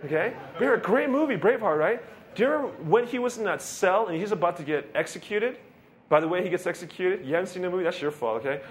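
A young man preaching a casual, conversational sermon, animated and often asking his listeners questions. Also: high-pitched, fast talker, a little hiss or hum. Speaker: pastor.

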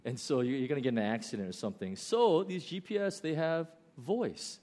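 A man with an American accent preaching a sermon, telling stories with loud bursts and slow, quiet emphasis. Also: mid-range voice. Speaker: pastor.

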